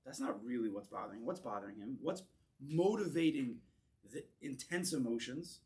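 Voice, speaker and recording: A man, a rabbi, teaching a class in a synagogue, animated and drawing in his audience, often restarting words as he goes. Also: mid-range voice, moderate pace. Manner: animated, acts out voices in quoted lines, repeats words as he restarts. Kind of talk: lecture with audience discussion.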